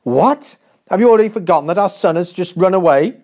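A man's voice: high voice, animated, a little fast, a little mellow, pitched above the performer's own voice. A man voicing a grieving queen, angry and indignant.

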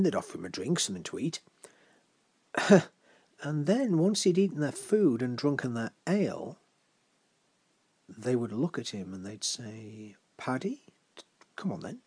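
A man's voice: medium pitch, warm tone, breathy edge. A man telling a folk tale aloud, chatty with playful asides to his listeners. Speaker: storyteller.

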